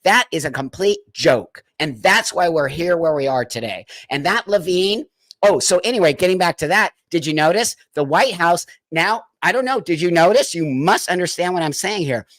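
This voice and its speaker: A man's voice: a little high, animated, moderate pace, a bit bright, no echo, clean studio sound. A man hosting a live stream of political commentary, talking straight to his viewers in a heated, emphatic way. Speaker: livestream host.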